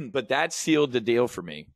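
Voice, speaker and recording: A middle-aged man talks straight to his audience in a brash, swaggering sales pitch, full of profanity and war stories from the trading floor. His voice sits at an ordinary pitch. The sound is dry and close, with no room echo. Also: huge pitch swings, measured pace, gravelly. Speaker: trading educator and host. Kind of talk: animated sales pitch monologue.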